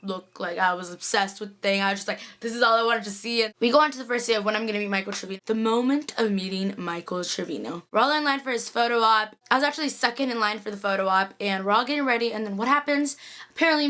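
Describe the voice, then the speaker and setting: A woman vlogging straight to camera, her voice sitting a bit high and rushing along at a quick clip. She gushes excitedly, dropping "like" into nearly every sentence as she tells her story. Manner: excitable, gushing, many "like"s.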